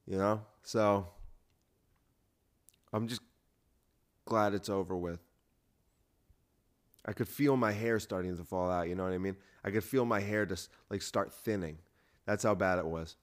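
A man's voice: fairly low pitch, fairly even intonation, a little slow, long pauses. A man hosting a podcast, telling a rambling story in a self-deprecating, casual way, full of restarts and fillers. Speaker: podcast host, comedian.

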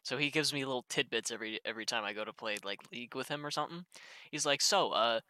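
A man's voice: medium pitch, very fast, pushed and bright, no room sound. A young man co-hosting a podcast, chatting casually and laughing often at the jokes. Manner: laughs often, jokey banter. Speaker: podcast co-host. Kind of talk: casual chat.

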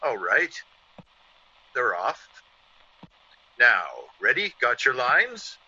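A man's voice: mid-range voice, sing-song, very slow, sharp tone, slightly rough, exaggerated voice. An actor playing a man who acts out a vengeful ex-convict, in theatrical 1940s radio acting. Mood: coaxing. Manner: theatrical, menacing in the scene within the scene. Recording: dull lo-fi old radio recording.

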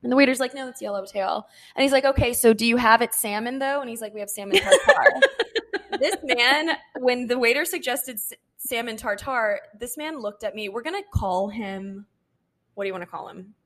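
A woman's voice: a little high, quick pace. A young woman co-hosting a podcast, telling a dating story in casual chat, acting out what people said and laughing often. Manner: animated, quotes people in her own voice, laughs often. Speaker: podcast co-host.

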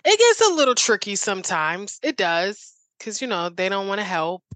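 A woman's voice: medium pitch, sing-song, normal speed, fairly bright tone, dry recording. A woman guest on a talk show, telling her story in an eager, rambling way full of "like"s and restarts. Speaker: interview guest. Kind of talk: casual interview chat.

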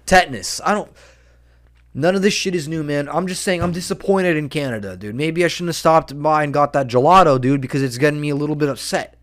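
Man ranting with "dude" and "man". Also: fairly high pitch. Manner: profane and excitable, peppered with "dude" and "man". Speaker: podcast host. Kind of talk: solo podcast rant.

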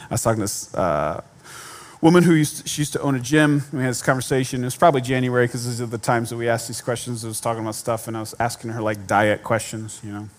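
A man preaching a sermon in a conversational style, with repetition and self-deprecating humor. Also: fairly low pitch. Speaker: pastor.

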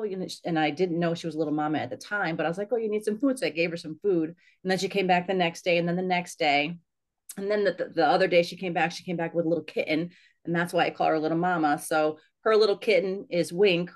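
Brief: low-voiced woman guest, chatty, laughs easily. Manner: chatty and warm about her pets, with laughs. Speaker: author guest. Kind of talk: casual podcast chat.

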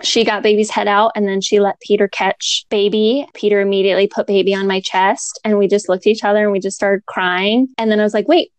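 A woman's voice: medium pitch, little pitch movement, fairly quick, hardly any pauses, clean tone, dry recording. Young woman chatting away, laughs a lot, says like constantly, dry close sound. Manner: chatty, laughs often, many "like" fillers. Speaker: new mother telling her birth story. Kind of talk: casual storytelling chat.

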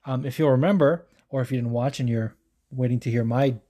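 A man's voice: medium pitch, brisk. A man hosting a casual recap show, rambling and swearing a lot, full of fillers and asides, a bit hungover. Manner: profane, rambling and animated, with many fillers. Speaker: podcast host recapping fights. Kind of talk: casual chat.

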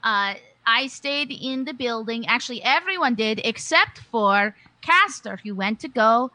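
Bright, chatty woman recapping a game. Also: on the high side, expressive, measured pace, no room sound, poor audio. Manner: chatty, laughing, with many fillers and restarts. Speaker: player. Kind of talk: casual recap of a tabletop game.

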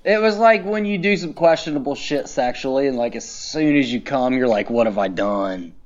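Podcast co-host, male, slightly high voice, excitable and profane, dull lo-fi sound. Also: a little fast. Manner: excitable, profane, animated storytelling. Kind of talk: casual wrestling podcast chat.

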